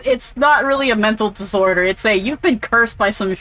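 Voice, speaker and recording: A woman's voice: mid-range voice, fairly quick, hardly any pauses, pushed and bright, a little hiss or hum, poor audio. A woman casually commentating while playing a game, rambling and swearing freely. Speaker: let's play streamer.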